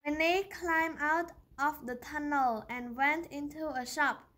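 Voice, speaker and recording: Slow, high-voiced woman reading aloud. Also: fairly bright tone. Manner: slow, careful reading with small slips. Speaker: storyteller on her channel. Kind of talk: children's picture book read-aloud.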